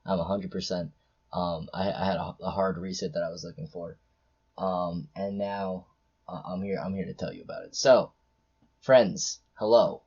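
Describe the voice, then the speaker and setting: A man's voice: low-pitched, flat delivery, moderate pace, a little mellow, slightly rough, muffled recording. A young man hosting a casual podcast chat, rambling and jokey with lots of fillers, over a call. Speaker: podcast host.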